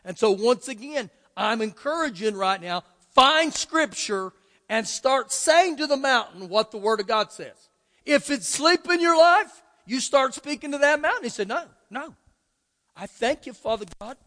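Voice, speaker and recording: A pastor delivers a sermon in a high voice with a bright edge, shifting between emphatic and conversational and slipping into quoted prayers and imagined questions from his congregation. He is expressive and a little slow. A long reverb carries his words through the church sanctuary.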